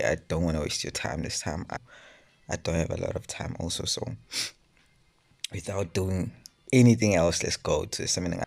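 A man's voice: deep voice, creaky, a little mellow, husky. A young man doing casual gaming vlog commentary, frustrated, swearing a lot and dropping into whispers. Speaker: mobile game YouTuber.

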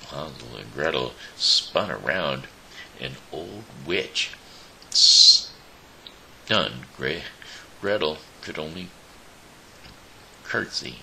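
Very deep, gravelly man reading a story. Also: lively intonation, pushed and bright, a little hiss or hum, poor audio. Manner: slow, with small slips and restarts. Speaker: show host reading a story.

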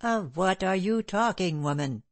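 A woman voicing a calm, stern gentleman in an audiobook, cold and composed. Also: mid-range voice, a little slow, dry recording, lightly acted.

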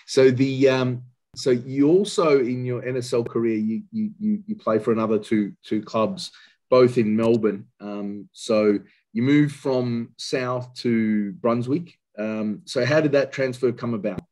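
A man hosting an interview, asking halting questions full of fillers. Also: mid-range voice, fairly even intonation, a little mellow. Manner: halting, with many fillers and restarts. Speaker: podcast host and interviewer.

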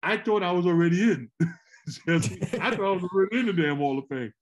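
Middle-aged man, higher voice, animated storyteller, word repeats. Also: quick pace, muffled recording. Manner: animated, rambling, repeats words. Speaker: former pro basketball player, co-host. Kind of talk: casual storytelling chat.

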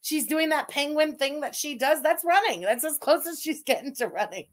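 A woman streamer gives mocking, profane commentary on a video, breaking off to thank her viewers. Her voice sits high and swings widely as she jeers. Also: expressive, normal speed. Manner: sarcastic, crude, mocking. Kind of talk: live-stream reaction commentary.

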